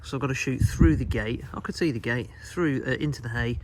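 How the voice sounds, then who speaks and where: A man's voice: medium pitch, fairly quick, a little mellow, a little hiss or hum. A man hosting a casual outdoor video in a farmyard at night, chatty and wry, with mild swearing. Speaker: host.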